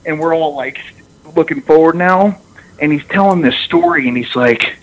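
A young man in casual chat, telling lively stories with laughter and frequent restarts, heard over a radio broadcast. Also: a little high, normal speed, poor audio. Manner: animated storyteller, laughs a lot, restarts. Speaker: former football player guest.

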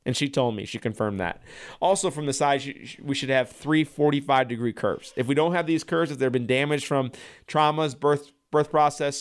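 Guy doing a pumped-up health talk, chiropractor vibe, says "right?" all the time, trips over his words and restarts. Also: mid-range voice. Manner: energetic, keeps asking "right?"; repeats himself, frequent restarts.

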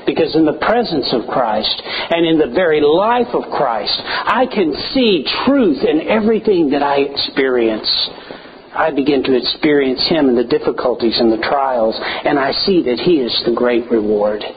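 A man preaching a sermon in an earnest style, asking rhetorical questions and moving between soaring and hushed delivery. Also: medium pitch. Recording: dull lo-fi, faint hiss.

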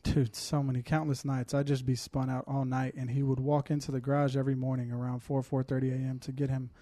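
A man talks through a heartfelt personal testimony, his voice mellow and dark in tone. His pitch stays flat and steady while he pauses with fillers and holds back tears. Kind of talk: casual testimony chat.

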